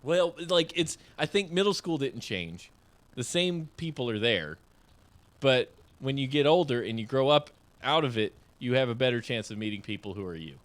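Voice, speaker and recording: Guy cohost, lively up-and-down voice, kinda rambly. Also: mid-range voice, normal speed. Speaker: podcast co-host. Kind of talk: casual chat.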